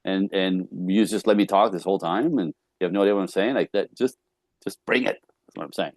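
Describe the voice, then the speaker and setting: A man's voice: low voice, brisk, no room sound. A man talking casually about relationships as a guest, laughing often and acting out quoted dialogue.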